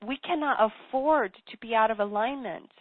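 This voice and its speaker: A woman's voice: on the high side, moderate pace, dry recording. An earnest woman tells her story as an interview guest and presses her points by repeating them. She comes through a narrow, tinny phone line. The sound is dry, with no room around her. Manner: earnest and emphatic, repeats key phrases. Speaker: business coach and author, interview guest. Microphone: telephone.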